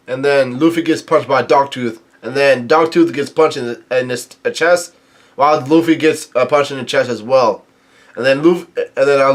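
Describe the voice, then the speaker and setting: A young man talks through a comic chapter in an unhurried, casual way. He stumbles, restarts and corrects himself often. His voice sits at an ordinary middle pitch. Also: a bit bright. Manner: halting, many restarts and self-corrections. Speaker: manga reader and recapper.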